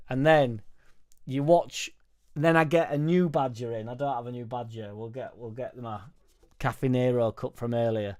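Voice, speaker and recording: A man hosting a football fan live stream, chatting casually and reading viewer comments aloud in a rambling, sweary, jokey way into a studio microphone on a boom arm. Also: normal speed, a little mellow. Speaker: football fan channel host.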